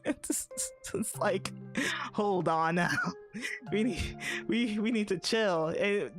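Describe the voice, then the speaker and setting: A woman's voice: mid-range voice, takes it slowly, pauses often. A woman streamer telling a story in casual chat, blunt and chatty, swearing freely and laughing often. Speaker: VTuber streamer. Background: faint background music.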